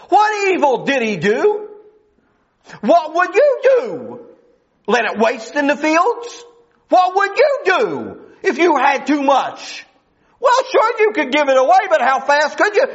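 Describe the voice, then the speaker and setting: High-voiced man preaching a slow sermon. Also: fairly bright tone. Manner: emphatic, full of rhetorical questions, stretched-out phrases. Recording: dull lo-fi recording.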